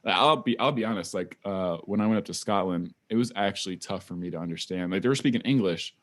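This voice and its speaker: A man's voice: sits low, quick pace. A man from Wisconsin hosting a podcast, chatting in a laid-back, slangy way. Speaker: podcast host. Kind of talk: casual podcast chat.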